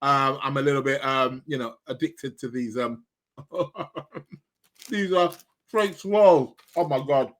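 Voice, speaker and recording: A man's voice: mid-range voice, takes it slowly, a bit bright. A man hosting a live astrology podcast, chatting casually with many fillers and restarts while eating. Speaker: podcast host. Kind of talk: casual live-stream chat.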